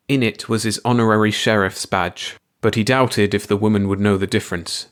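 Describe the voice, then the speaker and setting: A man reads a classic short story aloud in a steady, even manner. His voice sits low. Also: moderate pace. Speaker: audiobook narrator. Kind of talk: scripted story narration.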